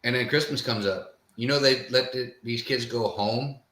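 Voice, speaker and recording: A man's voice: medium pitch, moderate pace, pushed and bright. A man co-hosting a casual podcast, telling stories in an easygoing, meandering way. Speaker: podcast co-host. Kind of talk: casual storytelling chat. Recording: roomy echo.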